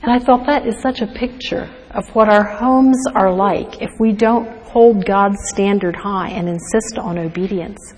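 Earnest woman teaching with husky voice. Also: medium pitch, unhurried, hardly any pauses, darkish tone, long reverb tail, rough recording. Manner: earnest, asks rhetorical questions. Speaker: speaker to mothers. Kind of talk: devotional teaching talk.

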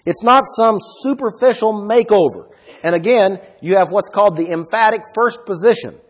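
Husky-voiced man preaching emphatically. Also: sits high, expressive, normal speed. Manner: emphatic, asks the listeners questions. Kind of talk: sermon.

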